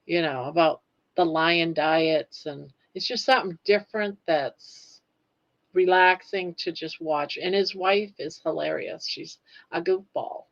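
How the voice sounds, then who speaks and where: Gravelly woman with dull lo-fi sound. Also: fairly low pitch, measured pace. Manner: easygoing, lots of fillers. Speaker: co-host guest. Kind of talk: casual live chat. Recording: dull lo-fi audio.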